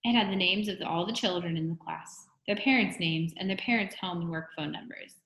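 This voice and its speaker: A woman reads a children's storybook aloud, expressive and steady. Her voice sits low for a woman, and it rings with a roomy echo. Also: brisk. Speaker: reader.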